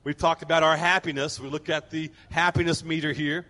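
A pastor preaching a sermon, telling stories animatedly and acting out people's voices. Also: male voice, a little high, steady tone, fairly quick, sharp tone, long reverb tail.

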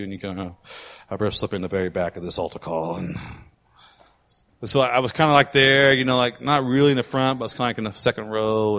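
A man preaching as a pastor, telling a story and acting out the voices of the people in it. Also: on the low side. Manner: animated, acts out voices of people in his stories. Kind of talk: sermon with storytelling. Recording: long hall reverb with loud music behind. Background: musicians playing.

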